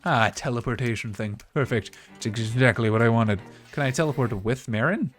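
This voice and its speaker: Canadian guy streaming a game, rambly and chatty, mid voice, quiet music underneath. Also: medium pitch, a little fast. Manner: chatty, rambling, with many fillers. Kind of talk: casual gameplay commentary.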